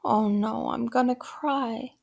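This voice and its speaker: A blunt, prickly young girl who says things plainly, put on by a woman narrator. Her voice is plain in pitch with a gravelly edge. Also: steady tone, takes it slowly, exaggerated voice.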